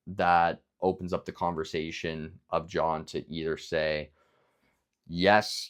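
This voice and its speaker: A young man with a deep, low voice talks through his sales advice in a loose, rambling way. He keeps coming back to his points with fillers and restarts, and now and then he acts out a phone call, playing both the caller and the realtor. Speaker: business coach. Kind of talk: casual instructional talk.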